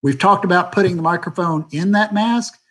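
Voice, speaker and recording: A man's voice: high voice, brisk, a bit bright. A man, a theater sound designer, talking candidly and rambling with many fillers on a video call. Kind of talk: panel talk on a video call.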